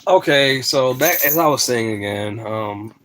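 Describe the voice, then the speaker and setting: A man's voice: mid-range voice, animated, slow pace, a bit bright, a little hiss or hum. A man, rambling in a casual vlog to his camera at home and often stopping to talk to his dog. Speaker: vlogger. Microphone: phone camera.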